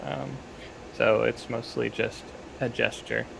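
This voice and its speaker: Gravelly, bright-toned male player. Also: medium pitch, little pitch movement, slow, a little hiss or hum, poor audio. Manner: hesitant, full of ums and uhs. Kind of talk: describing his character's actions in a tabletop game.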